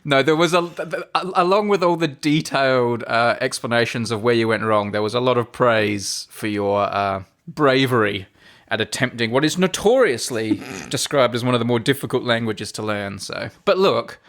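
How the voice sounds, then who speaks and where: A man's voice: mid-range voice, normal speed, a bit bright. Laughing man reading listener messages. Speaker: podcast co-host. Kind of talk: casual chat.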